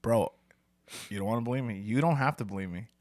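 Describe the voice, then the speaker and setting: A young man hosting a podcast, telling animated, profanity-laced work stories in casual chat, calling his friend "bro". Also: mid-range voice, quick pace, no room sound. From New York. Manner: profane, storytelling, says "bro" a lot. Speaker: podcast host.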